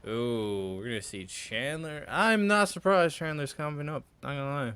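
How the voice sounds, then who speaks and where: A man's voice: fairly high pitch, moderate pace, smooth. A man hosting a reaction podcast, giving blunt, casual commentary on a debate clip. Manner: blunt, animated asides.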